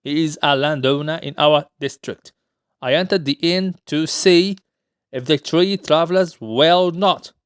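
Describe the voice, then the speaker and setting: A man's voice: a little high, measured pace, clean tone, no room sound, studio quality, lightly acted. A man voicing an anxious, scheming older male town governor, as he reads a play aloud. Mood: fawning. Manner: muttered asides, fawning when aloud.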